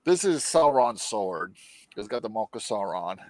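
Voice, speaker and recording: A man's voice: lowish voice, unhurried, no echo. A man casually recapping a show for a podcast, swearing freely and acting out the characters' lines as he tells it. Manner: animated storytelling, acts out quotes. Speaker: podcast co-host.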